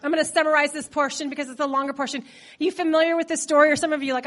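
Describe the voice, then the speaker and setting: High-voiced woman preaching with a cold. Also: level tone, racing, fairly bright tone. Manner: humorous, chatty storytelling. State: has a cold. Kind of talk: conversational sermon.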